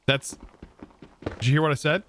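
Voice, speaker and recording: A man streams a modded building game, chatting loosely with his viewers and rambling about words between game tasks. His voice sits on the high side and is a bit bright, at a moderate pace, with slight background noise.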